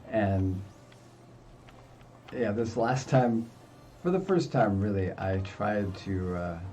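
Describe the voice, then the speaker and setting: An older man hosts a gaming video, offering chatty, self-deprecating commentary as he plays. His voice is fairly low, slow and warm, with a little hiss or hum.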